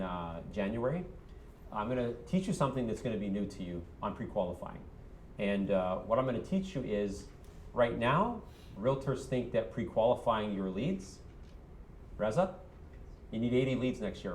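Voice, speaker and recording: A man's voice: medium pitch, roomy sound, a little hiss or hum. A man coaching a room of real estate agents, punchy and quizzing them with "yes or no?".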